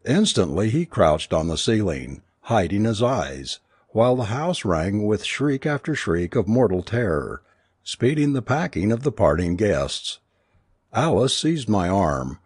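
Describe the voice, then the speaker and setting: This is scripted narration from an audiobook narrator, a man reading a story aloud in a measured, expressive way. His voice is fairly low and slightly rough, captured in a dry, studio-quality recording.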